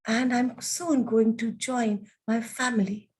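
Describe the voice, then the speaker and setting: A woman puts on a friendly little storybook cloud who talks in a soothing, reassuring way. The voice sits lower than a narrator's and moves unhurriedly. He sounds kind and patient. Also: fairly even intonation, takes it slowly, a little mellow. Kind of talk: children's storytelling.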